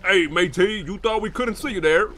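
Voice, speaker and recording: A man's voice: sits high, normal speed, sharp tone, a little hiss or hum. A man streaming a game role-play as a pirate robber, brash and profane, throwing in growled pirate calls.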